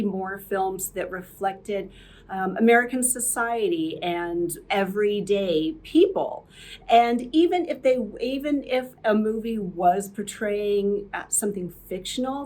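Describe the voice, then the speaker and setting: A woman hosting a podcast, narrating from a script in a chatty way with fillers and restarts. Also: mid-range voice. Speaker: podcast host.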